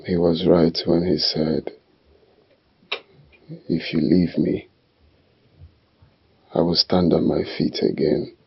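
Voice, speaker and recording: Crippled husband, pleading, gravelly, raspy, slow. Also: male voice, low voice, little pitch movement, exaggerated voice. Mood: troubled. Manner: pleading, anguished. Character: crippled, tormented husband, adult man. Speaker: actor in a drama series. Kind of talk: dramatic film acting. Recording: dull sound with faint music.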